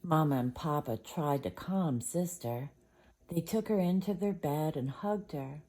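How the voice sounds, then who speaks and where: A woman reading a storybook aloud at bedtime, soft and gentle. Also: low-pitched, unhurried.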